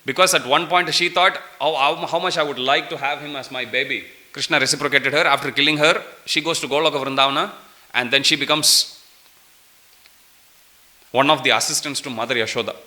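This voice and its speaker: A man giving a lively temple scripture class, telling stories, laughing and quizzing his listeners. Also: on the high side. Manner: lively storytelling with laughs and questions to the audience. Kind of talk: sermon. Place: temple hall.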